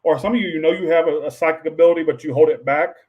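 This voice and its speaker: A man's voice: fairly high pitch, very fast, darkish tone, muffled recording. A man giving a casual tarot reading to his viewers, rambling and offhand, with frequent swearing and asides to chat. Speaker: tarot reader.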